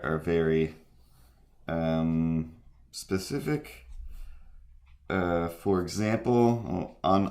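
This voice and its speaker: A man chatting casually while drawing on a live stream, rambling and self-deprecating. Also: low-pitched. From near Cape Breton, Canada.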